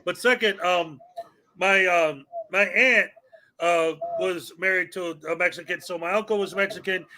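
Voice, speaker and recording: A man's voice: high voice, fairly even intonation, measured pace, pushed and bright. A man from Chicago with a Chicago accent, hosting a casual live-stream chat in a chatty, jokey way. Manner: chatty, jokey, laughs often. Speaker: show host.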